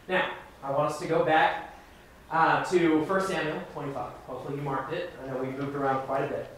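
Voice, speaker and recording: A minister teaching a Bible class, emphatic and conversational, asking the class questions. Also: male voice, a little high, fairly even intonation, a little fast, fairly bright tone. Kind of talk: interactive Bible class sermon. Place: church classroom. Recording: echoey room from far off, faint noise.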